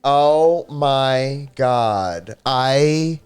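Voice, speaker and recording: A man co-hosting a live stream, talking in an animated, exclaiming way. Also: mid-range voice, extremely slow, clean tone. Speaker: podcast co-host. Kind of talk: casual live-stream chat.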